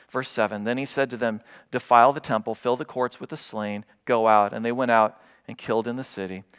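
A pastor preaches an expressive sermon to his church, his voice rising as he retells a scripture story and dropping low to stress a point. His tone is clean.

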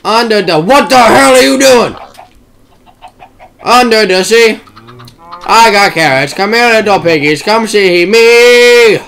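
A young man talks his way through a game with loud, hyper outbursts and plenty of swearing. His pitch leaps around wildly from mumbles to yelps. It's casual gaming commentary with a rambling, scattered flow. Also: animated, takes it slowly, creaky, long pauses. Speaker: gamer.

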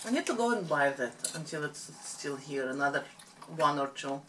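A woman's voice: deep voice, animated, normal speed, a bit bright, slight background noise. A woman co-hosting a family eating show at home, chatting casually and explaining cooking tips between bites. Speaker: mukbang co-host.

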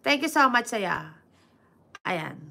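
A woman with a Filipino accent hosting a casual livestream, reading viewer comments aloud and answering them in halting English mixed with Tagalog, with many fillers. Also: on the high side, sing-song, creaky, sharp tone. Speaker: livestream host.

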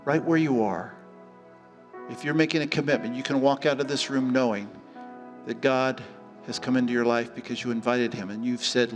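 A middle-aged man preaching a sermon as pastor, telling stories with lively acted-out voices. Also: mid-range voice, normal speed. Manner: animated storytelling, acting out voices. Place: church hall. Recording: church hall reverb with faint music.

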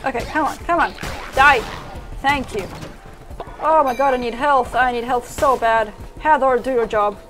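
A high-voiced woman streams a game live and reacts in a burst of exclamations as she plays. Game music plays clearly behind her. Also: moderate pace. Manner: excitable, frequent exclamations while playing. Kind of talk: live gameplay commentary.

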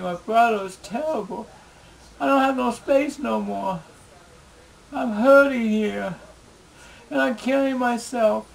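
A man recording a video diary at home on a camera mic, pleading and repeating himself in halting, emotional speech. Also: extremely high pitch, vocal fry, rough recording. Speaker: video blogger.

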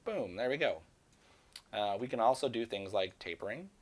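A man giving a screen-recorded software tutorial, talking casually and rambling to himself as he works. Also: on the low side, lively intonation, normal speed. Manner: casual, rambling, talks to himself while working. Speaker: 3D software instructor.

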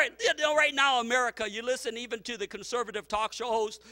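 Middle-aged male pastor, piercing bright tone, lively laughing sermon delivery. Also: very high voice, moderate pace, no echo, studio quality. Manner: animated, laughing preaching with shouted peaks.

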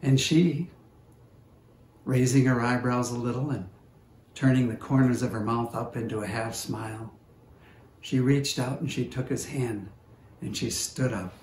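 A man's voice: mid-range voice, fairly even intonation, a little mellow. A man preaching a sermon as pastor, telling a story unhurriedly and voicing the people in it. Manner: unhurried storytelling with quoted voices. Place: church service recording. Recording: roomy echo with faint background noise.

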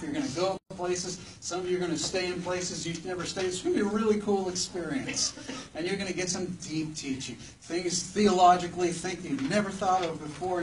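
A man preaching a sermon to a live audience in a church hall, conversational and joking, often putting questions to the listeners. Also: sits high. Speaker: preacher at a campus ministry gathering. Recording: distant mic with faint background noise.

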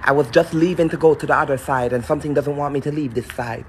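A man's voice: a little high, fast talker, slight background noise. Man with a lisp, chatty livestream. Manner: chatty, addresses viewers directly, nervous asides. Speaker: paranormal vlogger. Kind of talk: casual livestream talk to viewers. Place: outdoors at an abandoned building.

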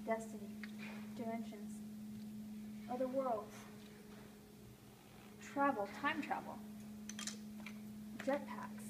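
Woman host, high voice, playful, rambling, noisy live gallery stream. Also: takes it slowly, pauses often. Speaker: host of a live call-in art show. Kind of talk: live stream chat while drawing. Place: art gallery, indoors.

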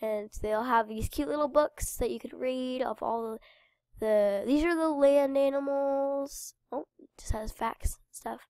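Here a congested game channel host talks her viewers through a game in an unhurried, chatty, rambling way, her nose blocked by a cold. The voice is fairly high and a little mellow, ending phrases in a gravelly fry, captured dry and close without room sound.

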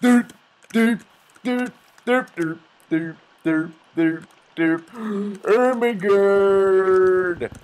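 A man's voice: sits high, extremely slow, a little mellow, pitched above the performer's own voice, poor audio. A man putting on the voice of a drunk, stumbling game villager who gasps at everything. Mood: dazed. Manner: slurring, spaced-out, gasping at things. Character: dazed drunk male villager creature stumbling around.

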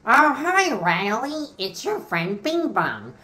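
Guy doing a sing-song giddy imaginary friend, bright and bouncy, echoey. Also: very high-pitched, very animated, takes it slowly, voice pushed up, full character voice. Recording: roomy echo.

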